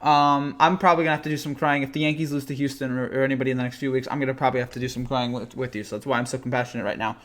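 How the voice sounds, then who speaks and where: A man's voice: mid-range voice, steady tone, rapid-fire, few pauses, a bit bright. A young man hosting a late-night sports live stream, tired, rambling and teasing as he answers chat comments.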